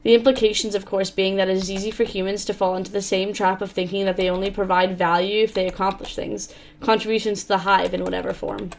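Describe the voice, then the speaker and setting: A woman's voice: medium pitch, vocal fry, a little hiss or hum. A woman hosting a let's-play, commenting casually on small indie games. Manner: casual, reads game text aloud between remarks.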